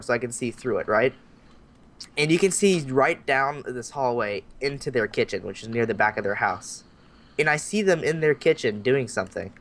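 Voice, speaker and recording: A young man casually telling a story on a podcast, acting out the voices of the people in it and swearing freely. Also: mid-range voice. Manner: animated, acts out voices in his stories, swears freely. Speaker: podcast host.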